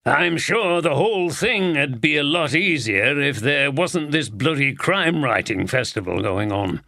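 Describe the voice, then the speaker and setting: A man doing Walker, a gruff Yorkshire police chief. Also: on the high side, lively intonation, unhurried, pushed and bright, dry recording, studio quality, exaggerated voice. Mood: gruff, blunt. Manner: blunt, swears casually.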